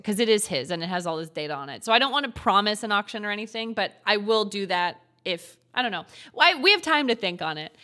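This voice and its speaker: A woman's voice: mid-range voice, sharp tone. Bubbly, gushing young woman streamer. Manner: gushing and giggly, lots of filler words. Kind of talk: casual live-stream chat with viewers.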